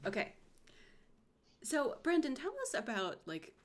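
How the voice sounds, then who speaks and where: A woman's voice: high-pitched, sing-song, measured pace, a little hiss or hum. A woman hosting a casual live-stream interview with voice actors, giggly and enthusiastic as she asks questions. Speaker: host.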